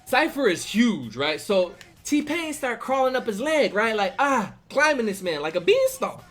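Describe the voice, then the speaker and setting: A man's voice: very high-pitched, big pitch swings, unhurried, a bit bright, soft background music. A man streaming live, telling a tall tale in hyped slang and asking "right?" after every beat. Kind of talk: animated storytelling on a live stream.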